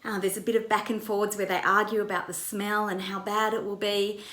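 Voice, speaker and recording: A woman's voice: mid-range voice, flat delivery, brisk, a bit bright, reverberant. A woman pastor retelling a Bible story in a conversational way, with vivid narration. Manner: vivid retelling, acts out quoted lines.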